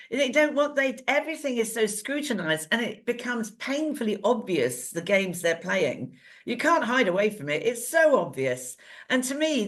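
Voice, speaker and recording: An older woman from England co-hosting a casual current-affairs chat, chatty and lively, telling stories and laughing often. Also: mid-range voice. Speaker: co-host.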